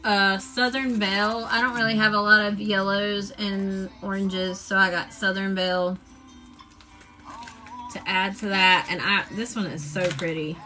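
A woman chatting casually on a live stream, showing off her craft supplies in a drawn-out, enthusiastic way. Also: mid-range voice, level tone, bright, forceful tone, faint music behind, poor audio.

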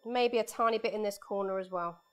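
A woman's voice: medium pitch, brisk. A woman art teacher giving a live painting lesson for children in her studio, chatting and explaining each step as she draws, speaking into a lapel mic.

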